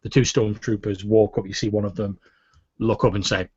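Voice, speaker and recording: Male GM, casual narrator, husky and dry-sounding. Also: lowish voice, level tone, fairly quick, darkish tone, no room sound, dull audio. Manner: casual, many "like" fillers. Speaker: game master. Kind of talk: narrating a tabletop game.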